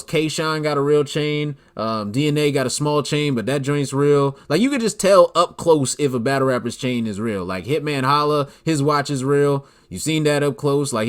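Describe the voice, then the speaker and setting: A man hosting a solo commentary podcast, talking in an animated, incredulous way and filling his speech with "like". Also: mid-range voice. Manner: animated, incredulous, leans heavily on "like". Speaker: podcast host.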